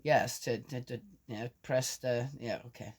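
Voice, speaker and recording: A woman's voice: very deep voice, steady tone, moderate pace, a little mellow. Chatty older woman who laughs a lot. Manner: rambling and chatty, laughs often. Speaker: vlogger. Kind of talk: casual chat to camera.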